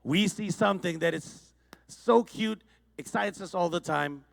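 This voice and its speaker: A man with an Indonesian accent doing a stand-up comedy set, with deadpan setups and playful crowd work. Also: high-pitched, measured pace, gravelly. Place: large conference hall with audience.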